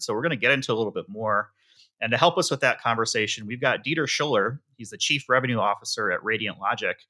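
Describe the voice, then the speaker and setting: A man co-hosting a podcast, chatting casually and laughing easily with his co-host and guest. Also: mid-range voice. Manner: chatty, relaxed, quick to laugh.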